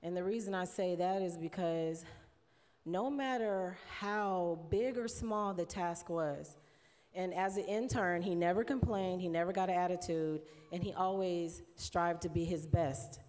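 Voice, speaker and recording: Low-voiced woman near tears in a reverberant hall. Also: measured pace. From United States. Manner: warm, chatty, laughs often, mimics others in quotes. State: close to tears. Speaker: award presenter giving an induction speech. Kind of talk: emotional tribute speech at a podium. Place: large hall.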